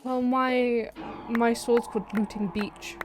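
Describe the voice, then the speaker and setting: A woman's voice: on the high side, steady tone, slow. A young woman streaming a game, chatting casually, rambling and swearing now and then. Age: young adult. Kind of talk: casual gameplay chat. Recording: noisy stream audio.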